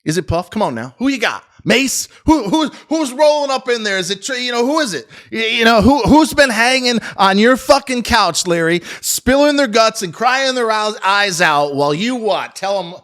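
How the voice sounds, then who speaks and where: A middle-aged man with a rather high voice rants through his stock market commentary. He is sarcastic and full of profanity, jumping between points and restarting his sentences as he goes. He talks like a trading channel host riffing straight to camera. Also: expressive, normal speed, hardly any pauses, fairly bright tone.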